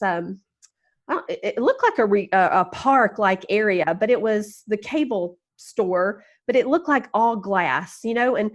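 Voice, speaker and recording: A woman guest on a podcast interview, telling self-mocking stories in an animated, encouraging way and laughing as she goes. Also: mid-range voice. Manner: encouraging, upbeat. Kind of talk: casual storytelling interview.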